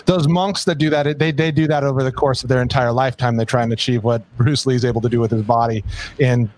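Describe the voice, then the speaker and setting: A man's voice: mid-range voice, fairly even intonation, fast talker, darkish tone, a little hiss or hum. A man co-hosting a podcast in casual chat, rambling with many restarts. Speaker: podcast co-host.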